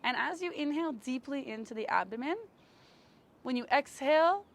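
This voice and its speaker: A woman with a slightly high voice leads a yoga and breathwork class in slow, gentle, soothing cues. She is recorded outdoors in the sun on a camera mic. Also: lively intonation. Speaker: yoga teacher. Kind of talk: guided yoga and breathwork instruction.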